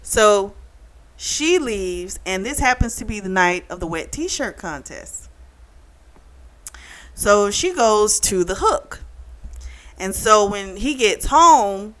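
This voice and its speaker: A woman's voice: takes it slowly, long pauses. A woman vlogger giving a casual, chatty recap of a novel, full of "like" and "um" as she retells the plot. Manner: animated retelling, acting out characters' lines with a raised pitch; chatty, peppered with "like" and "um". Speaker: book club vlogger.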